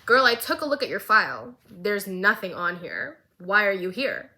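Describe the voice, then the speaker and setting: A woman voicing a serious, formal young woman enforcer in a lower, flatter tone. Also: normal speed. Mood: stern.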